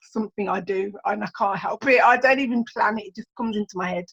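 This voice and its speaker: A woman guest on a podcast chatting casually, lively and theatrical, laughing often. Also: mid-range voice, fast talker, vocal fry, husky, lo-fi sound. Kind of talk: casual chat.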